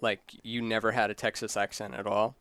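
A man hosting a podcast in casual chat, playful and quick to slip into mock accents, with a plain American voice. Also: on the low side, flat delivery, fairly bright tone, a little hiss or hum. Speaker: podcast host.

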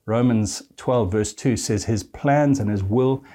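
A man's voice: medium pitch, unhurried, dark tone. A man preaching a sermon, reading scripture verses aloud and earnestly addressing his listeners as friend.

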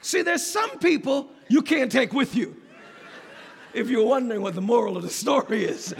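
A man preaching a sermon as pastor, lively and emphatic, laughing often as he talks. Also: very high-pitched, normal speed, gravelly, breathy edge, some chatter behind. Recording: long hall reverb.

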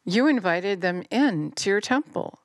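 A woman's voice: animated, measured pace, dry recording, studio quality. Fervent scolding woman preacher. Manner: fervent, scolding, rising to near-shouts then dropping low. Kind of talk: impassioned sermon.

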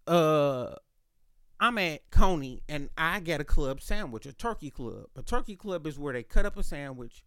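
A podcast host telling a casual story in a loud, animated, slangy way, with plenty of cursing. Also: male voice, on the high side, smooth, dry recording, studio quality.

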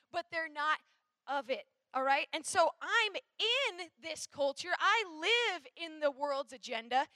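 High, bright-voiced woman preaching casually. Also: no room sound. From Minnesota. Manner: chatty, rambling, lots of fillers. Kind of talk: youth sermon.

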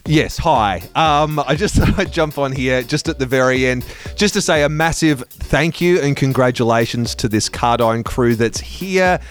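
A man's voice: mid-range voice, normal speed, faint music behind. A man from the radio station, giving on-air thanks to a student crew. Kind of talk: on-air announcement.

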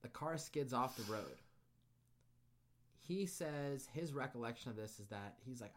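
A man tells a story on a podcast in a loose, casual way. He swears freely and slips into other people's voices as he quotes them. His voice sits at an ordinary pitch for a man. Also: a little slow, pauses often. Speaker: podcast guest.

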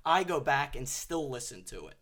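A man's voice: medium pitch, sing-song, normal speed. A man hosting a podcast who interviews his guest with enthusiastic, repetitive chatter. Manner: enthusiastic, repeats words, fillers. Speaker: podcast host. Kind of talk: casual interview.

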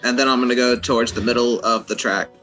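A man speaks bluntly as a player in a tabletop game. His voice is bright and forceful, with faint music in the background. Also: medium pitch, steady tone, fast. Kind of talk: playing a tabletop game, casual chat.

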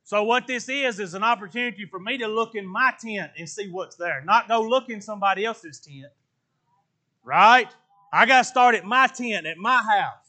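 A man preaching a sermon in colloquial speech, swinging from loud exclamations to hushed, earnest talk. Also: high-pitched, moderate pace.

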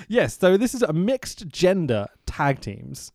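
A man's voice: a little high, sing-song, slow pace, creaky, few pauses, a little mellow, no echo, clean studio sound. A man co-hosting a podcast, chatting casually, swearing and laughing often. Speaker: podcast co-host. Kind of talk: casual chat.

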